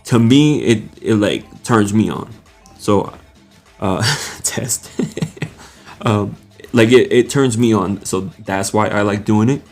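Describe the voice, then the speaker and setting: A man's voice: on the low side, lively intonation, slow, a little mellow, faint music behind. A young man hosting a live stream, casually greeting viewers by name and reading their comments aloud with frequent laughs.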